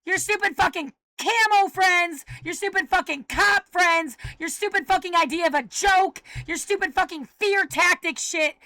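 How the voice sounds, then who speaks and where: A woman with a very high, piercing voice delivers an angry, profanity-laced rant. Her tone is bright and edgy, and she keeps erupting into shouts. The sound is dry with no room around it. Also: normal speed, few pauses, no echo. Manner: agitated, cursing, often shouting.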